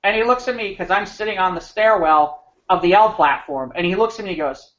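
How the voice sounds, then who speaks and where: A man co-hosting a podcast, telling an animated, rambling anecdote with frequent restarts. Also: high-pitched, a little fast. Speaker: podcast co-host. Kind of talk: casual storytelling chat. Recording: slightly muffled podcast audio.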